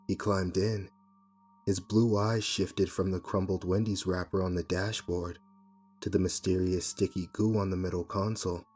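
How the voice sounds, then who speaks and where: A man narrating a scripted first-person horror story in a measured telling. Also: deep voice, little pitch movement, darkish tone. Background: faint music.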